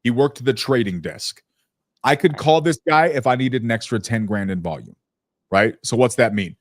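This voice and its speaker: A young man hosts a business podcast in a casual, blunt way. He swears easily and acts out the people in his stories with lively impressions. His voice sits close and dry, with no room sound around it. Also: mid-range voice, moderate pace, no room sound. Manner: blunt, profane, storytelling with animated impressions. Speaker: podcast host.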